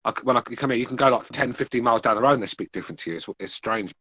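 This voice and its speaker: A man with an English accent talks at a quick clip on a boxing podcast. His voice is bright and forward, and the sound is close and dry. He rambles through restarts and swearing in easy chat. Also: mid-range voice, husky, dry recording. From England. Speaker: podcast panelist. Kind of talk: casual chat.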